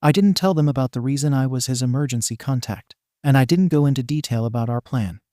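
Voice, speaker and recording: Male narrator, first-person fan fiction read, dark mellow tone, dry close sound, even delivery. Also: mid-range voice, fast, dry recording.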